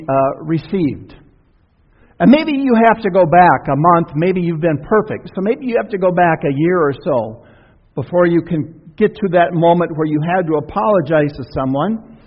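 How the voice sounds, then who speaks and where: A man's voice: a little high, husky. A man preaching a sermon as pastor, folksy and conversational, with asides and questions to the congregation. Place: church sanctuary. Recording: dull sound with long church reverb.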